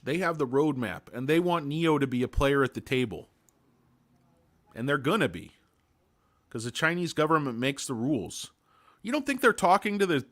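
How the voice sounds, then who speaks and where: A somewhat high, slightly bright male voice carries this casual livestream about stocks. The host meanders through his points, drops crude jokes along the way, and greets people in the chat by name.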